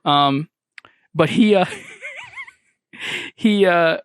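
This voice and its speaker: A man's voice: on the high side, extremely slow, a bit bright, clean tone, dry recording. A young man hosting a podcast in casual chat, rambling with many restarts and chuckles. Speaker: podcast host.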